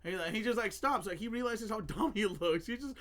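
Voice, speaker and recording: A man's voice: sits high, expressive, fast, fairly bright tone. A man co-hosting a podcast, chatting casually and telling rambling stories with frequent laughter and fillers. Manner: laughs often, rambling storytelling with many fillers. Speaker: podcast co-host. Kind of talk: casual chat.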